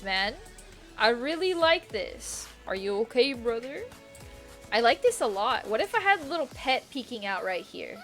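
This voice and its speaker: A woman's voice: on the high side, a bit bright. A young woman streaming a game, chatting casually, giggling often, with slang and swearing. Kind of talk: casual chat while gaming.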